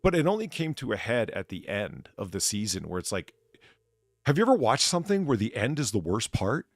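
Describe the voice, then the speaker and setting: A man's voice: lowish voice, sing-song, brisk, no room sound, clean studio sound. A man in casual chat, ranting and swearing as he rambles through restarts. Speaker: podcast co-host.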